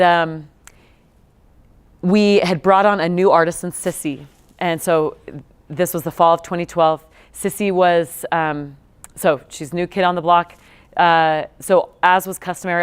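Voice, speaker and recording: A woman's voice: on the low side, clear, resonant tone. A woman in her thirties giving a talk to students, telling stories in a chatty way with many fillers and restarts. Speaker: guest speaker, nonprofit co-founder. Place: lecture room.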